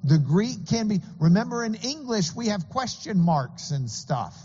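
A man's voice: sits high, big pitch swings, unhurried, dark tone, long reverb tail, dull audio, a little hiss or hum. A man preaching a sermon as pastor, earnest and explanatory, with occasional stammering restarts.

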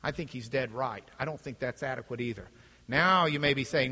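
A man's voice: mid-range voice, brisk, husky. A middle-aged man giving a classroom lecture, acting out the voices in his quotes. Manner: animated, acts out voices in quotes. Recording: echoey hall.

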